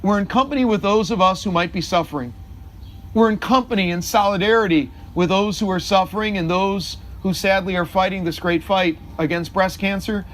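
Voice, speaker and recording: A middle-aged male priest giving a homily, halting and full of filler sounds. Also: sits high, fairly bright tone.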